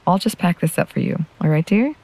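A woman voicing a kindly, soft-spoken older woman. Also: lowish voice, expressive, a little fast, dry recording. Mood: gentle. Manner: soft, gentle delivery.

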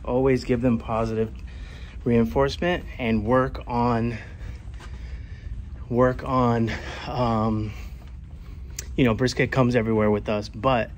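A man's voice: medium pitch, level tone, slow pace, pauses often, a little hiss or hum. A man hosting a travel vlog in casual chat to camera, joking and bantering, recorded outdoors in a city at night.

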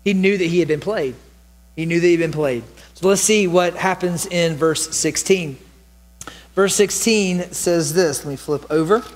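High-voiced pastor guy preaching, acts out the lines, big reverby church hall. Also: moderate pace. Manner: animated storytelling, acting out quoted lines. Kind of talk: sermon. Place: church sanctuary.

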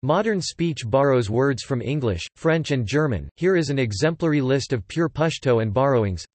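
A man's text-to-speech voice reading an encyclopedia article in an even, mechanical way. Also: mid-range voice, moderate pace, no echo. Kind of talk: synthetic encyclopedia narration.

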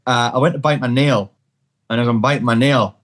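An Englishman from the North East chats loosely on a podcast, stumbling through repeated starts as his stories spill out. He swears freely and keeps a steady middle pitch throughout. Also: a little fast. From North East England. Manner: rambling, sweary storyteller with many restarts. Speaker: podcast guest. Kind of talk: casual chat.

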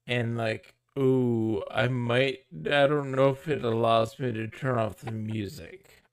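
A man's voice: mid-range voice, steady tone, takes it slowly, creaky, smooth, dry recording. A man streaming games live, chatting casually to his viewers in a giggly, rambling way.

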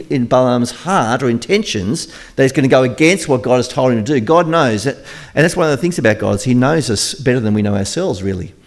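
A man preaching a conversational sermon, retelling a story in a chatty, joking way. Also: medium pitch.

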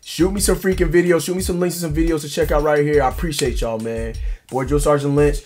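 A man hosting a reaction video, chatting casually in loose slang. His voice sits a little on the high side, and soft music plays behind him. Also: steady tone, quick pace. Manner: laid-back slangy banter. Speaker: video reaction host, drill sergeant.

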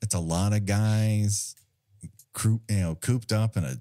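A man's voice: on the low side, unhurried, mellow, no echo. A man co-hosting a podcast in casual film chat, joking and laughing often. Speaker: podcast co-host.

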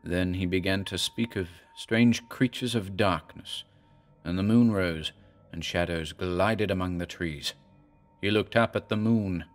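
A man narrating a horror story in a measured, dramatic way. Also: deep voice, soft background music. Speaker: audiobook narrator.

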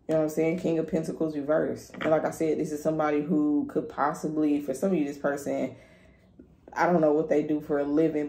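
Low, mellow-voiced woman giving a profane tarot reading. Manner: candid and profane, hyping the listener up. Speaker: tarot reader. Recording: echoey room with faint noise.

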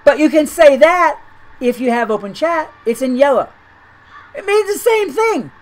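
A woman's voice: sits high, lively intonation, normal speed, low-quality recording. A woman making a chatty gaming video, talking in an incredulous, rambling way and often repeating her words. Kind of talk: chatty commentary over gameplay.

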